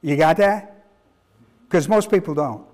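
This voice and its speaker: A man with a high-pitched voice preaches as a pastor. He teaches emphatically, repeating himself and quizzing the congregation. His delivery is halting and full of restarts. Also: darkish tone. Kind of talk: sermon teaching.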